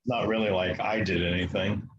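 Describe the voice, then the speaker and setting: Matter-of-fact man with a low voice. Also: fairly even intonation, dull audio, a little hiss or hum. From United States. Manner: matter-of-fact, halting with fillers. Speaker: guest. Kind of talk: interview storytelling.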